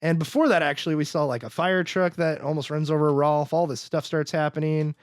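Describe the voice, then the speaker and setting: A man's voice: on the high side, steady tone, fairly quick, no room sound. A man hosting a podcast, recapping a film in rambling casual chat packed with "like" and acted-out quotes. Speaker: podcast host.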